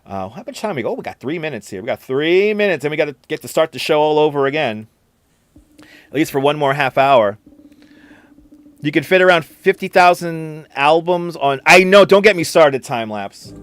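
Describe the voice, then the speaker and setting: A man's voice: fairly high pitch, very animated, moderate pace, no echo, soft background music. Rambling New York man live-streaming. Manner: rambling, repeats phrases, laughs often. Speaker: livestream host. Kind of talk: casual live-stream chat reading viewer comments. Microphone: computer streaming setup.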